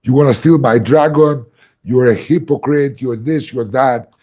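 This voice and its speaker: A man voicing an aggressive, menacing mafia boss who shouts and swears, quoted within a podcast story. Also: medium pitch, a little slow, lightly acted. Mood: furious.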